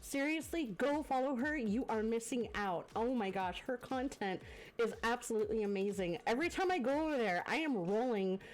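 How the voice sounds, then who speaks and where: A woman's voice: a little high, animated, fairly quick, slight background noise. A woman streamer chatting to her live viewers, effusive and full of thanks, sounding congested from a cough, into a desk mic. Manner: effusive, gushing thanks to viewers with many fillers. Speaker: variety streamer hosting a guest. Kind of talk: casual live-stream chat. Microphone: desk microphone.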